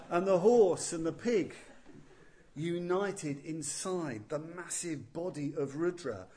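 Slow, playful storyteller man. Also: on the high side, a little mellow. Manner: playful, chuckling asides to the listeners. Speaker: Buddhist teacher. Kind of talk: storytelling talk.

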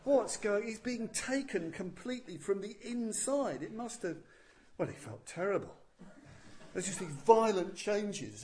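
A man telling a legend as a Buddhist teacher, unhurried and deliberate. His voice sits a little high for a man, and he drops in playful, chuckling asides to his listeners. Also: darkish tone, slight background noise. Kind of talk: storytelling talk.

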